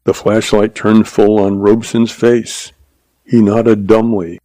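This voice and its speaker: A man in scripted narration, telling a western story at a steady pace. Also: fairly low pitch, unhurried, dry recording, poor audio. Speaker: audiobook narrator.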